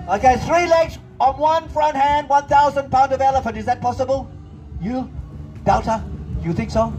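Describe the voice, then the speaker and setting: High voiced guy doing a kids comedy show, bossy theatrical patter, faint music behind. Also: normal speed, darkish tone. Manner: bossy, theatrical showman banter. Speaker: children's entertainer. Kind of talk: comic audience-participation patter. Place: outdoor festival stage.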